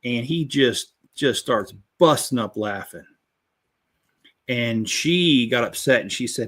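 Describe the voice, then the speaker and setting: A man in easy, casual chat as he builds, at a middling pitch. He rambles through jokes with plenty of "uh" and "you know", and stops to greet viewers by name. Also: lively intonation, slow, a bit bright. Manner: rambling, joking storyteller with many fillers. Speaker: channel host building a toy set.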